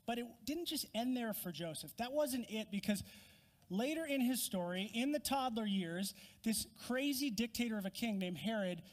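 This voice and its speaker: A man preaching a sermon as pastor in a church, earnest and conversational, acting out quoted voices. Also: sits high. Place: church sanctuary. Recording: long reverb of a large hall.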